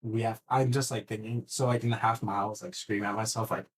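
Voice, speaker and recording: A man on a casual podcast, telling a story in an animated way, swearing freely and often restarting his sentences. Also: lowish voice, fast.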